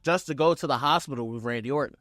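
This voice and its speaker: Young man, excited wrestling recap, casual with swearing, dry close sound, faint music. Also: medium pitch, fast, no echo. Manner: excited, animated, acts out quotes with swearing.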